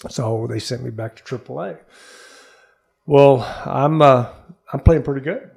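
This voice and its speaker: Gravelly older man telling stories. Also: medium pitch, unhurried. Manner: lively storyteller, acts out quotes. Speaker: interview guest, former pro baseball player. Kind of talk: animated storytelling in conversation. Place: studio.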